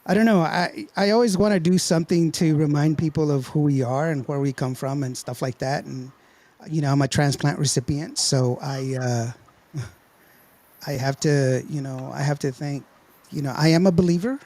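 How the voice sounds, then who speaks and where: A man's voice: fairly high pitch, normal speed, darkish tone. A man from Texas hosting a casual chat, joking, telling stories and laughing often. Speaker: host.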